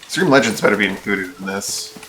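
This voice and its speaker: Man, deep voice, bright forceful tone, casual game stream chatter, rambling asides, faint background noise. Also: lively intonation, a little fast. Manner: rambling, thinks aloud with restarts and asides. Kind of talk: casual gameplay commentary.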